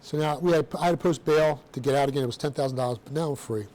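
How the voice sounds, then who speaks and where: A middle-aged man telling his own story to a room of students in a blunt, streetwise, animated way, with casual slang. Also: on the high side, very fast. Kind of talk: personal storytelling talk to students.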